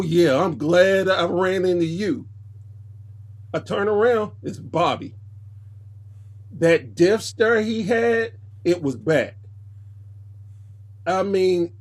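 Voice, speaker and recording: A man with a slightly higher-pitched voice tells a story as a podcast guest. He talks casually and with animation, jumping into quoted voices as the anecdote unfolds. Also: slightly rough. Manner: animated, jumps into voices when quoting people.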